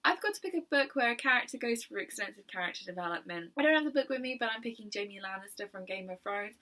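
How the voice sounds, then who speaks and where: Young woman, bright voice, chatty book vlogger, laughs often. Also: mid-range voice. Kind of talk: casual chat.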